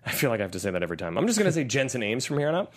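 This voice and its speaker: Animated man recapping a movie. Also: racing. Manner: animated, drops into low gruff voices for quotes. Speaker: podcast co-host. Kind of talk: casual movie recap chat.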